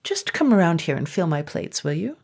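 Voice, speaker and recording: A woman's voice: lowish voice, very animated, fairly quick, a little mellow. A woman voicing a big, bossy male dragon made of rusty iron, with a spluttering, brusque way of talking. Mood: coaxing.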